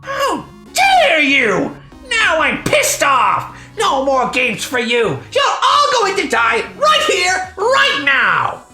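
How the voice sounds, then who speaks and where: A woman voicing a pompous, theatrical male villain who drawls slowly and explodes into shouting, recorded with a roomy echo. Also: a little high, huge pitch swings, vocal fry, soft background music, voice pushed up, heavily acted. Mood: furious. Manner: drawling, then shouting in rage.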